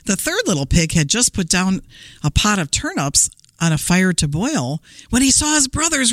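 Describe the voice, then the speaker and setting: A woman children's librarian reading a fairy tale aloud in an expressive, animated way. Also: medium pitch, moderate pace, no echo, studio quality. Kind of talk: storytime read-aloud.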